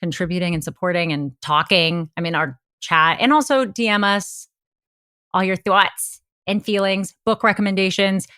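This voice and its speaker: Bright-voiced woman podcast co-host. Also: mid-range voice, fairly even intonation, no echo, studio quality. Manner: playful, jokey, quick asides. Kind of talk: casual chat.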